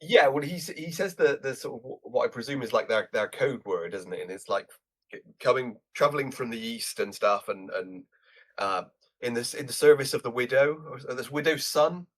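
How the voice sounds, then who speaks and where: Husky man recounting film dialogue. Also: mid-range voice, animated. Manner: halting, repeats words while recalling lines. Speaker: podcast co-host. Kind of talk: casual film review chat.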